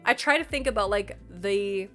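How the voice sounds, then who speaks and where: Congested woman streamer, bubbly and chatty, mid-pitched, faint music behind. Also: moderate pace, fairly bright tone. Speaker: live streamer. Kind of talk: casual live-stream chat reading viewer messages.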